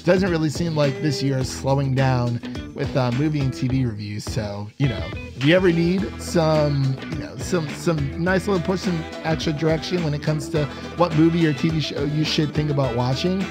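A man's voice: on the high side, normal speed, music in the background. A man co-hosting a podcast, chatting casually and laughing often as he rambles through a review. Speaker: podcast co-host.

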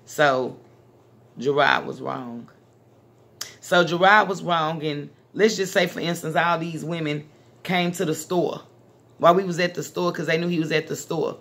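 A woman from Dallas, Texas, hosts a casual talk conversation on her channel, speaking in a blunt, emphatic, street-talking way. Her voice is low and steady, with a moderate pace.

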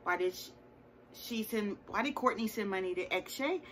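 A woman's voice: mid-range voice, animated, moderate pace, a bit bright, low-quality recording. Woman chatting thru a tv recap, sassy little asides, a faint hiss behind her. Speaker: TV show reviewer. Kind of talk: casual recap chat.

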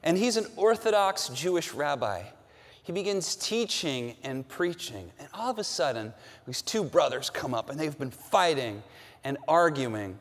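High-voiced pastor preaching in a reverberant hall. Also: male voice, big pitch swings, measured pace. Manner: emphatic, repeats phrases with rising force. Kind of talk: sermon. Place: large church sanctuary.

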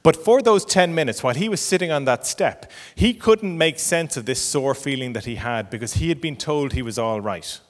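A middle-aged Irish psychologist giving a parenting talk, explaining patiently and checking in with frequent "okay?". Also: male voice, medium pitch, expressive, moderate pace, hardly any pauses, big-room sound. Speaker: clinical psychologist.

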